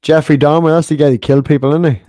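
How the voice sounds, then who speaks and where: A man's voice: on the high side, steady tone, fast, dark tone. A man hosting a casual online chat, joking around and swearing freely. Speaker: streamer host.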